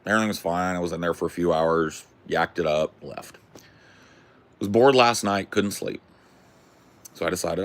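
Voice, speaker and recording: A man hosting a podcast, telling a rambling story in a casual, profane, animated way. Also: low voice, moderate pace, long pauses. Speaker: podcast host.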